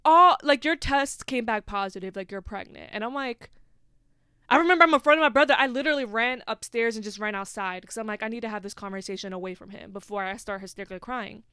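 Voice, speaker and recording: A woman's voice: medium pitch, quick pace, pushed and bright, clean tone, no room sound, clean studio sound. A young woman hosting a podcast, telling a personal story in casual chat, full of "like" fillers and swearing. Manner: chatty, heavy on "like", swears freely. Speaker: podcast host.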